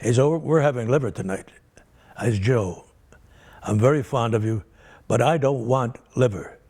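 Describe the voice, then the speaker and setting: A man's voice: mid-range voice, moderate pace, darkish tone, slightly rough. An older comedian being interviewed, telling rambling anecdotes about his career and acting out the people in them. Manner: rambling comic storyteller who acts out the people in his stories.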